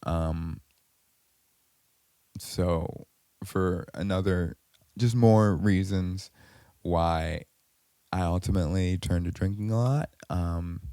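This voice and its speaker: A man's voice: low-pitched, takes it slowly, pauses often, mellow, smooth, no room sound. A man hosting a podcast, telling a personal story in a rambling way, full of fillers and self-corrections. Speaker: podcast host.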